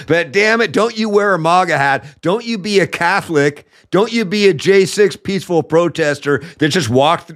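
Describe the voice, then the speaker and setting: A man's voice: fairly high pitch, fairly bright tone. A man from the United States hosting a political commentary show, ranting with anger and profanity. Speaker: podcast host.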